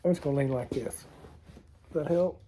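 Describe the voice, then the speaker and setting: A man's voice: a little high, a little fast, dark tone, slight background noise. Rambling man telling stories. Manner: rambling, self-deprecating, laughs at himself. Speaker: storytelling vlogger. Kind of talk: casual storytelling to camera. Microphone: camera mic on a tilting setup.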